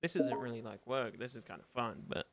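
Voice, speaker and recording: A young man signing off his gaming livestream, rambling and self-deprecating, often trailing off into quieter mumbles. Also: mid-range voice, brisk, gravelly. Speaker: gaming streamer. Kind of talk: casual livestream sign-off chat.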